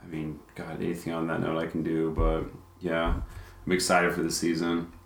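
Deep-voiced easygoing guest, echoey room. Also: male voice, completely flat delivery, normal speed. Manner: easygoing, rambling, repeats himself. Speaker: podcast guest, chef. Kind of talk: casual chat.

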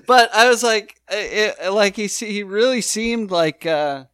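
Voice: medium pitch, measured pace, a bit bright, clear, resonant tone, dry recording, studio quality. A podcast co-host recapping a sitcom episode in casual, hesitant chat with many fillers.

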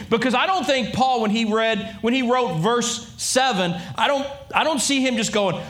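High-voiced animated male pastor. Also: normal speed, few pauses. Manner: animated, acts out voices, repeats and restarts. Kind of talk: sermon.

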